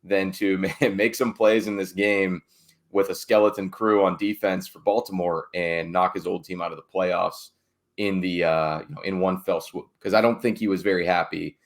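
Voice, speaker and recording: A man's voice: sits low, fairly even intonation, moderate pace. A man, a team beat reporter, chatting casually on a sports podcast with wry, digressive asides.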